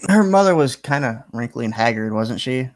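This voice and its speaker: A man's voice: medium pitch, animated, moderate pace, no room sound. Casual man narrating as game master. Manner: casual, filler-heavy narration.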